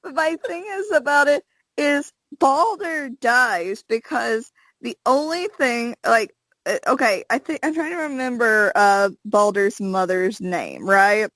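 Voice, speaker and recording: A woman's voice: a little high, takes it slowly, a bit bright, no echo, rough recording. Chatty woman co-host with a dry, close sound. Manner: casual, many fillers, searches for words. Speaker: podcast co-host. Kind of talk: casual fan discussion.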